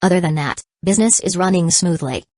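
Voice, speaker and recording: A woman's voice: lowish voice, brisk, darkish tone, dry recording, close to an everyday voice. A woman reading the lines of an eager, earnest younger brother reporting to his older sibling.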